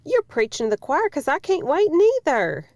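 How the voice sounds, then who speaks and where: A woman's voice: high-pitched, wildly swooping pitch, moderate pace, darkish tone, no echo, heavily acted. A woman doing a drawling Southern announcer. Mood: folksy. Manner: drawling, homespun sayings. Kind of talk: scripted comic promo read.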